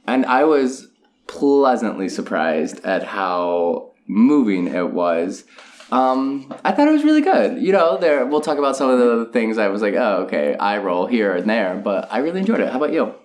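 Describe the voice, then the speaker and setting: A man's voice: mid-range voice, very animated, normal speed, darkish tone. A young adult man co-hosting a casual podcast chat, earnest and enthusiastic, with many "um" and "you know" fillers. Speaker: podcast co-host.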